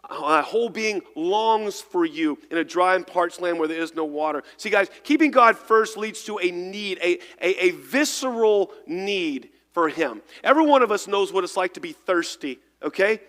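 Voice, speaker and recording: A man's voice: high-pitched, expressive, normal speed, hardly any pauses, long reverb tail. A man, preaching an earnest sermon in a church, often repeating and restarting words. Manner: earnest, repeats words, shifts between loud and hushed. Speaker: pastor. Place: church sanctuary.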